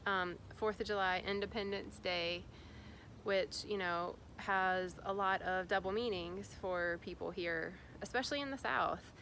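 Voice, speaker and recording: A woman's voice: medium pitch, unhurried, a bit bright, a little hiss or hum. Rambling, chatty woman spiritual vlogger. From Indiana, USA. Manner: rambling and chatty, many fillers and restarts. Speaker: spiritual guide. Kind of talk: casual spiritual vlog talk.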